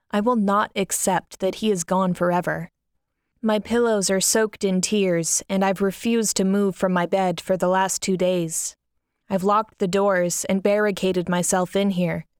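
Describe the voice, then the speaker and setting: In a soft, mournful reading voice, a woman tells a story in the first person. Her mid-range tone is smooth and clear, and the recording is dry and close-miked.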